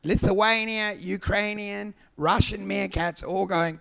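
A man's voice: high-pitched, level tone, measured pace, vocal fry, a bit bright, clean tone. A man, a comedian riffing in casual podcast chat, rambling and sweary. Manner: rambling, sweary, mock voices for imagined people. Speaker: podcast guest.

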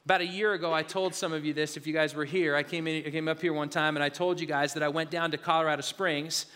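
Male pastor, high bright voice, earnest sermon, stumbling restarts, long hall reverb. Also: fairly even intonation, quick pace, clean tone. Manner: earnest, confessional, many restarts and repeated words.

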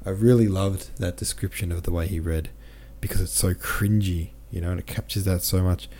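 A man's voice: low voice, steady tone, fairly quick, darkish tone, slight background noise. A man hosting a podcast, talking casually and rambling through a book discussion while reading listener comments aloud. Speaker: podcast host.

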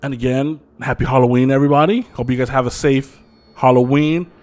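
A man co-hosting a podcast, telling ghost stories in a loose, swearing, animated way and acting out the voices of the people in them. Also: mid-range voice, brisk. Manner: profane, animated storyteller who acts out quotes. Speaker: podcast co-host. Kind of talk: casual chat, storytelling.

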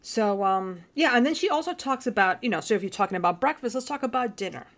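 Soft-spoken woman telling a story. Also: mid-range voice, animated, quick pace. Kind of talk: casual chat, storytelling.

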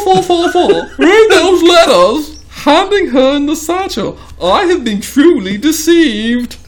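A man putting on a wild, desperate lovesick madman in a strained, shrieking falsetto that slides between laughing and sobbing. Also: full character voice.

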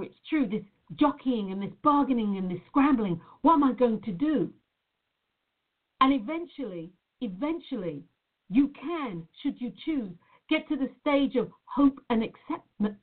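A woman giving a motivational talk as a life coach, earnest and emphatic, often repeating words. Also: a little high. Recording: tinny phone-like sound.

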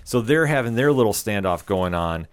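A man's voice: on the low side, expressive, moderate pace, smooth. A man co-hosting a podcast, retelling an episode in casual, enthusiastic chat with lots of fillers. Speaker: podcast co-host.

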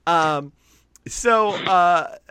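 A man co-hosting a podcast in casual chat, talking with excitement and swearing freely. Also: high voice, very slow, clean tone, dry recording. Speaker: podcast co-host.

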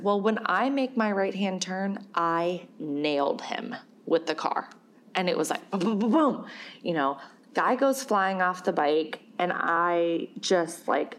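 A woman casually telling a personal story in a chatty, animated way, full of fillers and bursts of laughter. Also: lowish voice.

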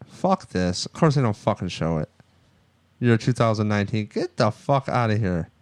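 A man's voice: lowish voice, normal speed. A man co-hosting a casual sports podcast, rambling and swearing a lot as he gets worked up. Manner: profane, rambling, excitable. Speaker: podcast co-host.

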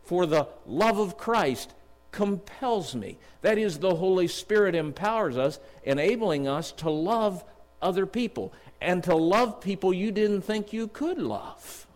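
A middle-aged man preaching a sermon in a church, earnest and storytelling, slowing down to read scripture. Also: high voice, lively intonation, a little mellow. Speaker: district superintendent preaching. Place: church sanctuary. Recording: long church reverb.

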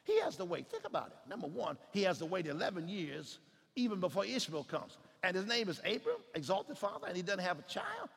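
A man preaching a sermon, swinging from shouted climaxes to hushed, low passages. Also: wildly swooping pitch, a little fast, vocal fry, breathy edge, big-room sound.

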